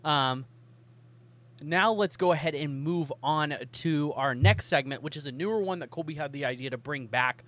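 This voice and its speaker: A man's voice: a little high, normal speed, a bit bright. A man hosting a casual podcast chat. He rambles along with plenty of ums. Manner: chatty, rambling, many ums. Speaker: podcast host.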